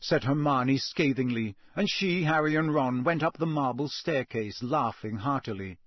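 A man reading a storybook aloud as an audiobook narrator, in a steady, even storytelling manner. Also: medium pitch, moderate pace, no echo. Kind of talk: scripted narration.

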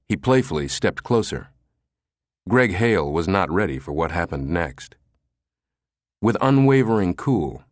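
A male narrator reads a thriller audiobook in a very low, deep voice. His pitch rises and falls with the story. The recording is dry and close to the mic. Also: no echo. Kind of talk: scripted narration of a thriller novel.

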